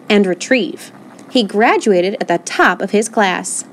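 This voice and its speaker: A woman reading a children's picture book aloud in an expressive, animated way. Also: medium pitch, a little slow, poor audio. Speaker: storybook reader.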